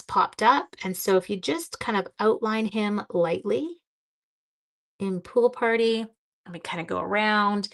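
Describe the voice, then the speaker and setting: A woman's voice: mid-range voice, creaky, pushed and bright. A middle-aged woman hosting a live craft video, chatting with viewers as she works, short on sleep. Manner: chatty, talks to live viewers while working. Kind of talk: live craft-along chat.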